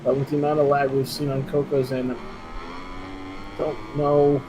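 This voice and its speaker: A man's voice: mid-range voice, measured pace. Casual male race caller, laughs easily, noisy stream audio. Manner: chatty, laughs easily, restarts mid-sentence. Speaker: race commentator. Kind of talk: esports race commentary.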